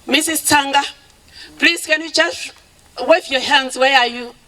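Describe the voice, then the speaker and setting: A woman speaks at a charity event in a high, bright voice. She takes her time, slipping between English and Shona and thanking people with open emotion. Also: unhurried, rough recording. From Zimbabwe. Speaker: charity founder giving a speech. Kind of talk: public speech at an event.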